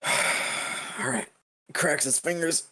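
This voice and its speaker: A man narrating as game master of a tabletop game, halting and full of fillers. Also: on the high side, fairly even intonation, sharp tone.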